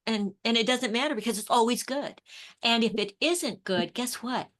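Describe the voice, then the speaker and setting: A woman's voice: fairly high pitch, normal speed. A middle-aged woman, an author and intuition coach, chatting in an interview and acting out the conversations she tells about. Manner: enthusiastic storyteller, acts out quoted exchanges, repeats and restarts words. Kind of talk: casual spiritual interview chat.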